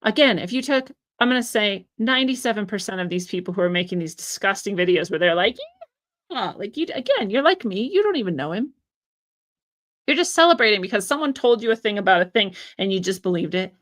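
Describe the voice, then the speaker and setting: Woman, mid-pitched voice, solo commentary, indignant, sarcastic, emphatic. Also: expressive, fast talker, fairly bright tone. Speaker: political commentator.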